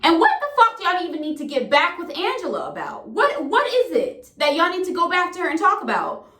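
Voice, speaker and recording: A woman's voice: very high-pitched, big pitch swings, a little fast, pushed and bright. A young woman venting casually to camera, exasperated and profane. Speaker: vlogger. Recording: roomy echo.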